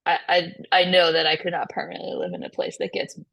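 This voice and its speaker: Woman low-pitched musician, dry and laughing. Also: little pitch movement, fast talker, gravelly, fairly bright tone, dry recording. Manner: laughs often, many fillers and restarts. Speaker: podcast guest, musician and producer. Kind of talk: casual interview chat.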